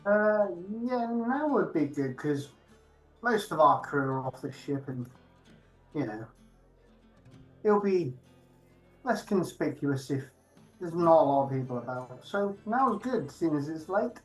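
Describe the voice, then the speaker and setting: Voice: mid-range voice, lively intonation, unhurried, pauses often, soft background music. A player in a tabletop game, talking casually and reassuringly.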